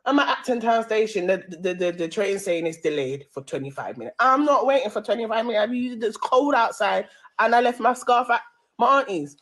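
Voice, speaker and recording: A woman's voice: a little high, expressive, fairly quick, fairly bright tone. A woman with a London accent, hosting a live-stream radio show, telling a heated story full of slang and swearing.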